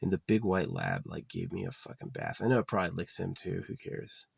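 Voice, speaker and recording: Deep husky guy ranting and swearing, rambling on, sometimes half whispering. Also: wildly swooping pitch, a little fast, dry recording. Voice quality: gravelly and husky. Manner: rambling, profane, meandering; drops to a near-whisper at times. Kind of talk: rambling casual monologue. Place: outdoors at a camp spot.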